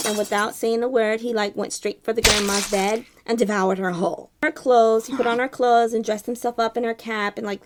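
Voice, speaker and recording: A woman's voice: on the high side, very noisy, natural voice. A woman voicing a chatty elephant who reads a fairy tale aloud, full of "like" fillers. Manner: valley-girl "like" filler, chatty. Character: chatty excitable elephant, Dimple. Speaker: storyteller. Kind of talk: casual read-aloud storytime.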